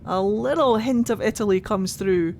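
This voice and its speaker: A woman's voice: medium pitch, normal speed, a little mellow, a little hiss or hum. A young Scottish woman streaming a game, chatting casually and animatedly, laughing often and swearing now and then. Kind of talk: casual gameplay commentary.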